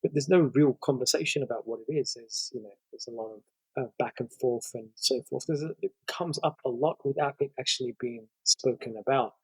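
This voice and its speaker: A man with a slightly husky, breathy voice walks through an argument in a long conversational explanation. He is measured and lists points one after another. The sound is dry and close. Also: medium pitch, no echo, poor audio. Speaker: guest lecturer.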